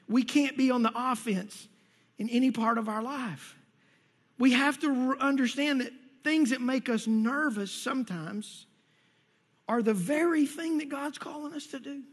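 A man preaching a sermon as pastor, talking in an animated, folksy way and repeating key phrases. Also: very high voice, breathy edge. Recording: long reverb of a large hall.

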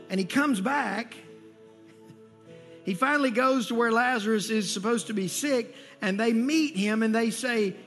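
Male pastor, very high voice, sermon in a big echoing church with soft music behind. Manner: preaching with rising intensity and emphatic repetition. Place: church sanctuary. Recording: long hall reverb with faint music.

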